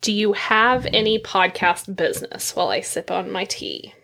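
A woman from Oklahoma co-hosting a podcast in casual chat, with wry, deadpan asides. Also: mid-range voice, normal speed, creaky, a little hiss or hum. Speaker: podcast co-host.

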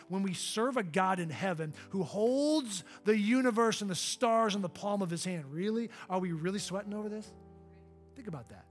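High-voiced pastor preaching with swings. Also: male voice. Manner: emphatic, swings from loud to hushed. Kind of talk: sermon. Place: church hall before a live congregation.

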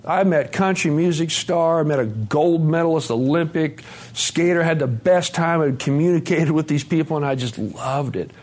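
A man in his forties giving a recovery testimony at a conference, storytelling in a lively, profane way, swinging from loud to soft. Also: a little high, moderate pace. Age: 40s. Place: conference hall talk.

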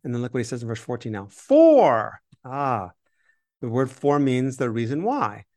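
A man's voice: medium pitch, expressive, fairly quick, darkish tone. A man co-hosting a Bible podcast, explaining scripture in conversation and reading verses with emphasis.

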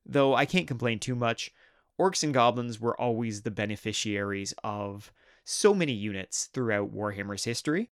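A man's voice: medium pitch, no echo, studio quality. A man hosting a hobby history video, narrating in an enthusiastic, conversational way. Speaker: host.

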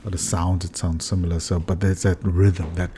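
A man in his forties from South Africa with a South African accent, a priest chatting on a podcast in a lively, slangy way. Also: low-pitched, fairly quick, slightly rough. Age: 40s. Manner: lively, slangy, breaks into song. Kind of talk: casual podcast chat.

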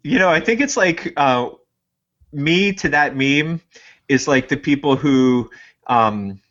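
A man's voice: on the high side, slow pace. Joking man on a lo-fi podcast. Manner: joking, animated storyteller. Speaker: podcast co-host. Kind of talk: casual chat.

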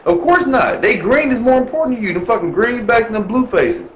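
A man's voice: high-pitched, big pitch swings, brisk, reverberant, poor audio. A man from Milwaukee talking bluntly and profanely in a casual chat, ranting with lots of swearing. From Milwaukee, USA.

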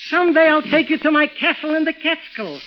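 A man playing a vain, cowardly young prince in a 1940s-style radio comedy, wisecracking and smarmy. The recording is dull and old, with loud music. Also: very high-pitched, a little fast, very noisy.

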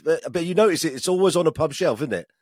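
A man's voice: a little high, expressive, rapid-fire, no room sound, studio quality. A British man co-hosting a podcast, rambling casually and laughing often. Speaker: podcast co-host. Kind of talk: casual chat.

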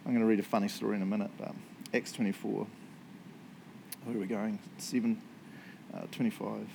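A man's voice: lowish voice, level tone, brisk, gravelly, noisy background. A man preaching a casual sermon, joking often and asking "right?" after points. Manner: chatty, joking, tag questions. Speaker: pastor.

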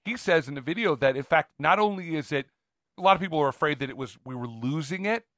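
Animated bright-voiced man chatting. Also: fairly high pitch, fast talker, dry recording, clean studio sound. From Northern California. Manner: animated, rambling storyteller. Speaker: podcast co-host. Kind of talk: casual chat.

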